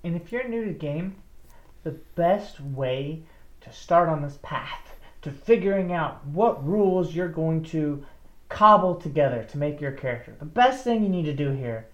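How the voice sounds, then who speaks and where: A woman's voice: low voice, lively intonation, moderate pace. A woman giving encouraging, casual advice to new tabletop role-playing players. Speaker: tabletop game explainer. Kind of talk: casual instruction. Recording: roomy, slightly dull recording.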